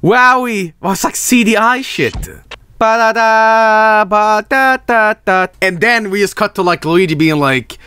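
A man streaming casually, giggling, excitable and swearing as he works. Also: high voice, moderate pace, hardly any pauses, dry recording. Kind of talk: casual livestream commentary.

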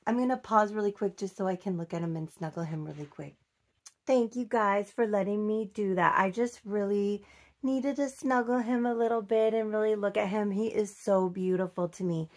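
A woman from Minnesota, chatting casually as she unboxes a doll and gushes over it with soft cooing and many fillers. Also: medium pitch, steady tone. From Minnesota, United States. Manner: slow and unhurried, with many fillers. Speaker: doll collector vlogger.

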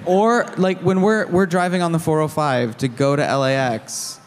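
Friendly man with a higher voice. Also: steady tone, moderate pace, slight background noise. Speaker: voice actor panelist. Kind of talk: casual panel chat.

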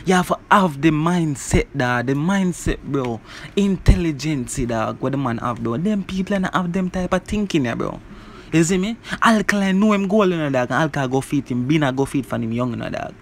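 A man casually reviewing a song, talking in an animated way and filling his lines with "bro" and "you see me". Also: a little high, fairly quick, slight background noise. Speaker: music reviewer.

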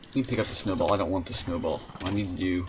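A man's voice: sits low, fairly even intonation, racing, background noise. A man doing let's play commentary in an exasperated, whiny, complaining way, heard through a dull lo-fi mic. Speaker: gaming commentator.

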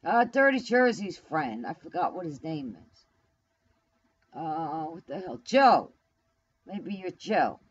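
A woman's voice: low voice, very animated, slow, long pauses, husky, muffled recording. A woman live streaming from home in New York, rambling casually to her viewers, blunt and profane as she talks back to the chat. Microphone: camera mic.

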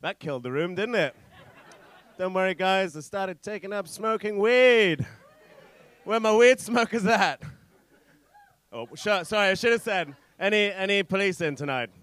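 Young guy doing stand-up, rambly and self-deprecating, lots of swearing, smooth clear voice, stage mic. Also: sits high, normal speed, fairly bright tone. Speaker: stand-up comedian. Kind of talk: stand-up comedy set. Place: comedy club stage.

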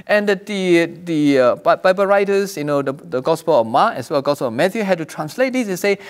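A man's voice: sits high, animated, quick pace, hardly any pauses. A man preaching a sermon as pastor, earnest, repeating and restarting phrases, raising his voice for quoted cries. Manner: raises voice when quoting cries from scripture.

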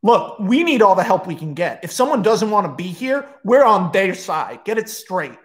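A man voicing a shouting, cursing teenage antihero. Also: big pitch swings. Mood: defiant. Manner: shouting, cursing, high-pitched and fast. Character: brash foul-mouthed teenage boy antihero, hot-tempered.

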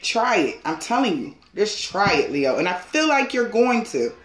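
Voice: medium pitch, very animated, moderate pace, a bit bright, echoey room, faint music behind. A tarot reader giving a casual reading straight to viewers, pushy and emphatic, laughing often and swearing casually.

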